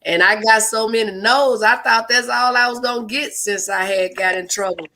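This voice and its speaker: Man, talk show co-host, bright voice, loose slangy rambling chat, faint noise. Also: high voice, steady tone, moderate pace.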